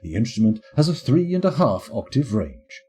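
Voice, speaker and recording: A man's voice: mid-range voice, sing-song, normal speed, a little mellow, slightly rough. A man streaming a game live, rambling and playful as he thinks aloud.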